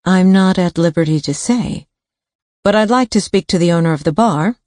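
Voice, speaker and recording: A woman narrator voicing a composed female police sergeant who asks measured, probing questions. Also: fairly low pitch, darkish tone, no echo, studio quality, natural voice.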